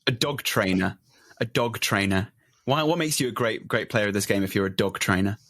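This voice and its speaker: A man co-hosting a casual podcast chat, playful and animated, often breaking into laughter. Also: on the low side, normal speed, no echo, clean studio sound. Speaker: podcast co-host.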